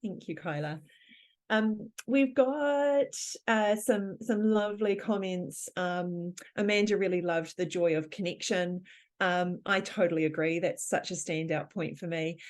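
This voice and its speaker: A woman hosts a panel session in a conference room. Her voice sits a little low, and she talks in an upbeat, encouraging way as she recaps and hands off questions. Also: unhurried. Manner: warm, encouraging recaps of the discussion. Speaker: panel moderator.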